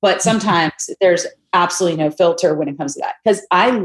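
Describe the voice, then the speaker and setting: A middle-aged woman on a podcast as a guest, telling candid stories in a blunt, animated way and acting out what people said. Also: lowish voice, a little fast, few pauses. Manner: animated, blunt, swears, acts out quotes. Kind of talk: candid storytelling chat. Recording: echoey room.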